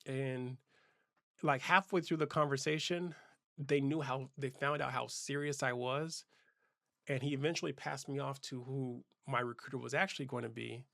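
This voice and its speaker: A man's voice: medium pitch, fairly even intonation, moderate pace, gravelly, a bit bright, no echo, studio quality. A man in his forties, hosting his own show, telling a personal story in a loose, casual way full of fillers and restarts. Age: 40s. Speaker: host.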